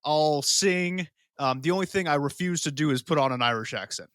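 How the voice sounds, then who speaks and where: A man's voice: a little high, brisk, fairly bright tone, dry recording, clean studio sound. A man co-hosting a podcast in casual chat, brash and full of crude jokes. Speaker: podcast co-host.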